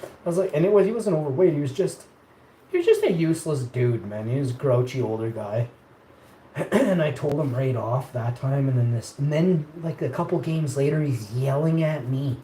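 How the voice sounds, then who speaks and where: A man tells a rambling childhood story as a casual stream, and he laughs a lot along the way. His voice is mellow and sits in a middle register. The room is echoey, with faint ambient noise behind him. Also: medium pitch, expressive, moderate pace. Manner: rambling, laughs often, quotes people in raised voice. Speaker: live streamer.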